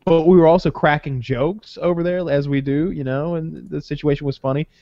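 A man's voice: a little high, a little fast, creaky, no echo. Man, podcast co-host, casual storytelling, profane, dry close sound, slightly muffled. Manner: rambling, profane, animated retelling.

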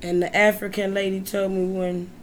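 A woman's voice: medium pitch, normal speed, a little hiss or hum. A woman in casual chat, blunt and profane, telling stories with lots of energy. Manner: blunt, profane, animated storyteller. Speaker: co-host.

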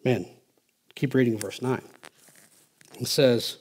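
A male pastor preaching a sermon, emphatic and swinging from quiet asides to loud, driving lines. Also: mid-range voice, slow, long pauses, breathy edge.

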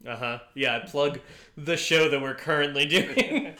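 A man with a bright, forceful voice co-hosts a casual podcast, rambling through recaps and restarting his sentences. He laughs easily, and the room gives his voice a noticeable echo. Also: fairly high pitch, measured pace. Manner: rambling, self-interrupting, laughs often. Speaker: podcast co-host. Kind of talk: casual chat.

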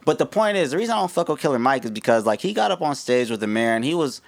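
An American podcast co-host chats loosely and profanely, full of restarts and fillers. His mid-range voice is gravelly and sing-song, and he talks very fast.

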